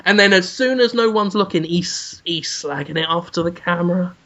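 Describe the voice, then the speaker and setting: A man's voice: sits high, normal speed, pushed and bright. A man hosting a podcast, telling a rambling comic story and laughing along, on dull lo-fi audio. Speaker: podcast host.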